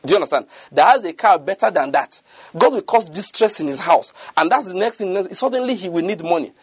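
High-voiced, husky male preacher. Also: animated, fairly quick, no echo. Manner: earnest, repetitive, often asks listeners if they follow. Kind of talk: sermon.

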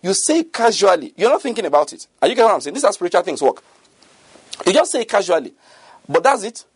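A man's voice: high voice, very animated, quick pace, slightly rough, no echo. A middle-aged man preaching a sermon, earnest and repetitive, often checking that listeners follow him.

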